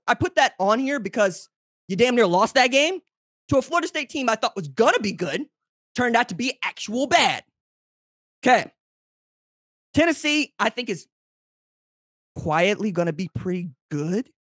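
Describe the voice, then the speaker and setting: A man hosting a college football show, giving brash, teasing commentary straight to his audience and jumping high and loud when he gets excited. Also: no echo, studio quality. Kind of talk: opinionated sports commentary to camera.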